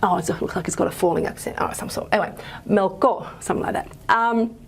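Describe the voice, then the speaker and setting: A woman lecturing on linguistics in a loose, chatty way, full of fillers and quick self-corrections. Her voice is husky, with a gravelly edge at the ends of phrases. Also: mid-range voice. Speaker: university lecturer.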